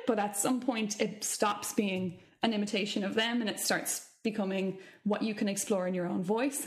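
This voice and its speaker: A woman, a vocal coach explaining singing technique in casual chat and thinking aloud as she goes. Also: mid-range voice.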